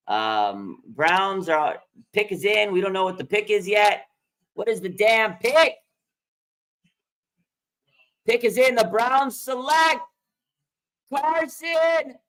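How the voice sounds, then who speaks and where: A man hosting a live sports draft stream, excitable and rambling, repeating himself and laughing as picks come in. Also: high voice. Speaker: livestream host. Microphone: streaming microphone.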